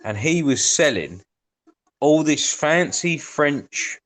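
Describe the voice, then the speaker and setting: A man's voice: on the high side, animated, slow, fairly bright tone. Swearing man telling stories. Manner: swearing, storytelling with acted quotes. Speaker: podcast host. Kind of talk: casual chat.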